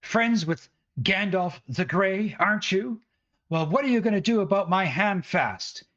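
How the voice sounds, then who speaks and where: A man's voice: high-pitched, animated, a little slow, fairly bright tone, dull audio, voice pushed up. A man voicing an angry middle-aged village mother who scolds and rants indignantly. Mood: furious scolding.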